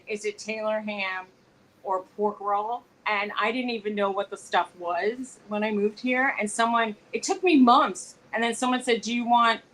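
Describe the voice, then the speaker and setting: A woman co-hosting a casual live-stream chat, telling stories with lively quoted dialogue. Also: fairly high pitch, noisy background. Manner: chatty, animated storytelling with quoted dialogue. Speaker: co-host. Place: home.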